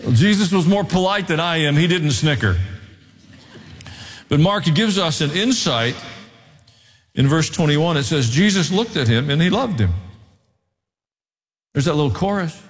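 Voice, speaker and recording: Animated preacher in an echoing hall. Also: male voice. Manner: animated storytelling, wide pitch swings and dramatic pauses. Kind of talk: sermon. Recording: long hall reverb.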